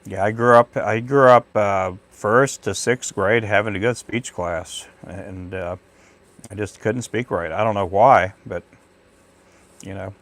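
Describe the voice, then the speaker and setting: A man's voice: lowish voice, fairly even intonation, unhurried, a bit bright, no room sound. A middle-aged man from Texas hosting a casual livestream, rambling and chatty as he thanks viewers by name. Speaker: livestream host. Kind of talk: casual live chat with viewers.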